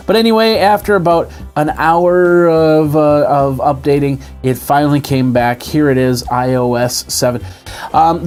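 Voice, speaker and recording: A man's voice: mid-range voice, a little mellow. Chatty man demoing a tablet. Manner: chatty, demonstrating on screen as he talks. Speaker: tech video host. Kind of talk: casual tech walkthrough. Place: indoors at a desk with a TV and monitor.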